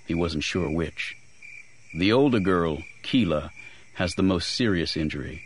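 A man giving measured, grave first-person audiobook narration. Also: sits low, lively intonation, slight background noise.

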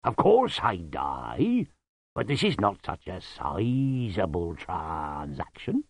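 Man putting on a big gentle yeti, booming, slow, drawn out, storybook voice. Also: wildly swooping pitch, full character voice. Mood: placid. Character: large gentle male yeti, calm and amiable.

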